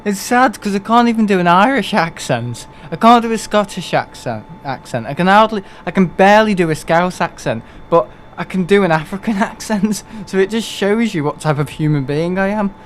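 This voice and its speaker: A man's voice: high voice, animated, normal speed, few pauses, slight background noise. A young man, chatting casually and rambling through a live gaming stream, laughing often and poking fun at himself.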